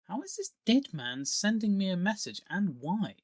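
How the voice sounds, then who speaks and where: A man's voice: high-pitched, very animated, normal speed, no echo, clean studio sound, pitched above the performer's own voice. A man doing a defiant young elf woman. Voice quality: snappish, defiant. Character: sharp young female elf warrior.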